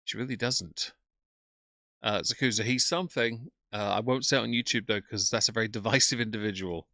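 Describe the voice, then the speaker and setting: Sarcastic low-voiced man, crisp and dry. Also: fairly quick, bright, forceful tone, dry recording. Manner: sarcastic, mocking. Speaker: streamer reacting to another stream. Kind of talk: live reaction commentary.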